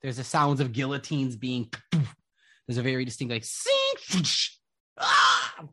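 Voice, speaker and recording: A man narrating a tabletop game as game master, describing scenes slowly with lots of fillers. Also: medium pitch, huge pitch swings, fairly bright tone. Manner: slow, descriptive, rambling with fillers.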